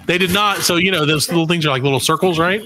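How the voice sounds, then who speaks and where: Funny podcast guy, high-ish bright voice, acts out the voices in his stories. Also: quick pace. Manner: animated storyteller, acts out voices, swears freely. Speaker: podcast co-host. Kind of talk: casual comedic chat.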